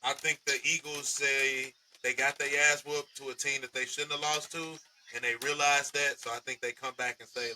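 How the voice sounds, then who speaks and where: Male podcast guest, bright sharp voice, slangy sports trash talk. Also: mid-range voice, flat delivery, normal speed, few pauses, a little hiss or hum, low-quality recording. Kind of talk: casual sports podcast banter.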